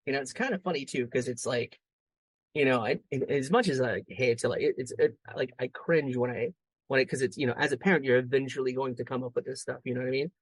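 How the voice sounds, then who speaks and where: A man's voice: mid-range voice, fast, no echo. A man talking casually as a podcast guest, a father telling rambling family stories full of fillers. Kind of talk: casual storytelling.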